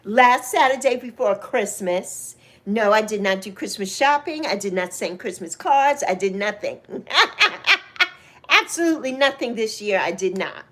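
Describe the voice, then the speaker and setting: A woman in her sixties hosting a casual livestream chat. She greets viewers by name, speaks openly about her feelings, laughs easily and swoops up into excited highs. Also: moderate pace. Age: 60s. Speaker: livestream host.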